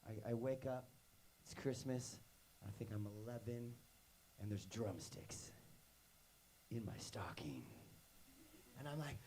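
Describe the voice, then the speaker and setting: A man's voice: mid-range voice, animated, slow, long pauses, warm tone, slight background noise. Rambling, playful man telling stories. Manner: rambling and playful, full of "like" and "you know"; acts out quoted voices in his stories. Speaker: musician leading a workshop. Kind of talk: casual storytelling talk to young students.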